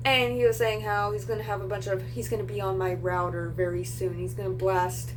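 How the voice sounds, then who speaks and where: A young woman talks straight to her audience in a loose, rambling rant, often backtracking and restarting. Her voice sits at an ordinary middle pitch, with a faint hum running underneath. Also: fairly even intonation, a little fast. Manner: venting, rambling with restarts and fillers. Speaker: vlogger. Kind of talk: casual storytelling rant to camera.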